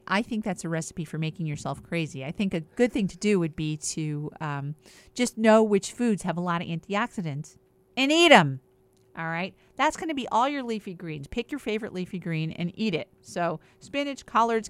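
An upbeat woman with a slightly low voice, explaining things in a relaxed, chatty way. She moves briskly through lists of examples, like a regular guest on a talk show. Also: clear, resonant tone. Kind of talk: casual explanatory health chat.

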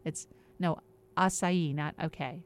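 An upbeat woman with a slightly low voice, explaining things in a relaxed, chatty way. She moves briskly through lists of examples, like a regular guest on a talk show. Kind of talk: casual explanatory health chat.

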